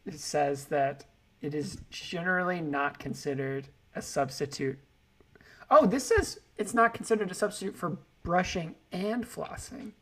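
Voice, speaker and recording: A woman's voice: fairly low pitch, measured pace, fairly bright tone, poor audio. A woman co-hosting a podcast in casual chat, making dry asides and asking curious questions. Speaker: podcast co-host.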